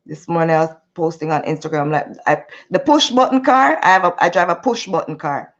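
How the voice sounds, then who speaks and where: A woman hosting a casual livestream, telling a story in an animated, chatty way and stopping to greet viewers. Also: on the low side, brisk. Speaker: livestream host. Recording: muffled lo-fi audio.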